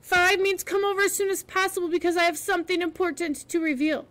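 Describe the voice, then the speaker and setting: A woman's voice: very high-pitched, quick pace, voice pushed up. Woman doing an eager, breathless young girl. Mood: excited. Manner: excited, pleading.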